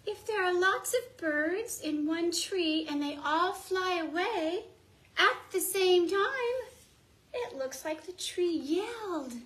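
High-voiced preschool teacher telling a story. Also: female voice, poor audio. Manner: animated, sing-song, slow and gentle. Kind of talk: storytelling to young children. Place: home.

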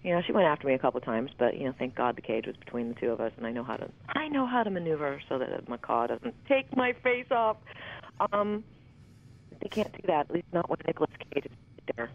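A woman's voice: sits low, big pitch swings, quick pace. Woman in her 50s rambling on, swears a lot, candid interview chat, thin phone-line sound. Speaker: interview guest.

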